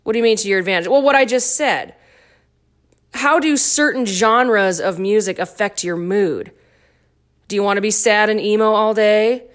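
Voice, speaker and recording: With a medium-pitched voice at a normal pace, a middle-aged woman runs her own dance fitness podcast alone. She keeps things chatty and silly, full of playful side comments.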